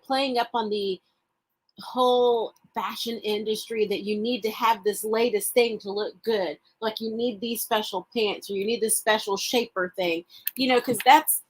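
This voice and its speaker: A woman co-hosting a podcast, enthusiastic and quick to laugh and chime in. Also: on the high side. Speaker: podcast co-host. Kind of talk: casual chat.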